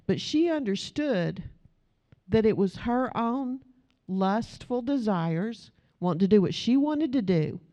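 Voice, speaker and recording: A woman's voice: fairly high pitch, dark tone. A middle-aged woman preaching a sermon in a conversational way, asking the audience questions.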